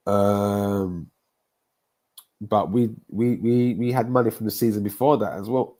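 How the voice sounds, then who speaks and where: A man's voice: on the low side, steady tone, measured pace, mellow. A young man, ranting sarcastically in a casual football chat. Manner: sarcastic, mocking rant. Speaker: podcast host.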